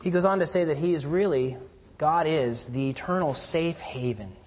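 An earnest pastor with a fairly high, somewhat husky voice preaches a sermon at normal speed, alternating loud emphasis with hushed lows. A long reverb surrounds him, like the acoustics of a church sanctuary.

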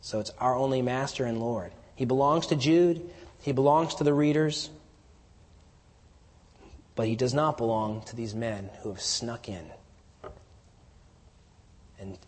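A man preaching an expository sermon, teaching verse by verse and swelling into emphatic declarations before dropping quiet again. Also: mid-range voice, husky. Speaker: pastor. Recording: long hall reverb.

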